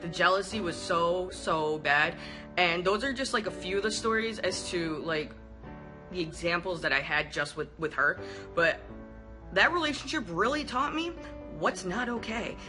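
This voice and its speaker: A young woman vlogger candidly retelling a personal story to camera, animated and profane, acting out what people said. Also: fairly low pitch, moderate pace, over music.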